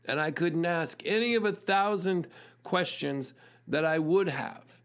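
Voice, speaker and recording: A man's voice: a little high, measured pace, clean tone. A middle-aged man, a musician hosting his own show, telling a story in an earnest, reflective way, often laughing and restarting his sentences. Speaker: musician and podcast host.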